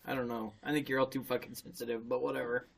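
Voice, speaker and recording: A man co-hosting a podcast in casual chat, crude and quick to laugh as he tells jokes. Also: mid-range voice, level tone, vocal fry, recorded from a distance. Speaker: podcast co-host.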